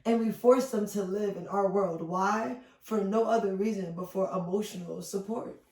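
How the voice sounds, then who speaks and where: A woman's voice: medium pitch, normal speed, darkish tone. Playful woman arguing mock-seriously. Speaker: podcast co-host. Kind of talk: casual chat. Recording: echoey room, far from mic.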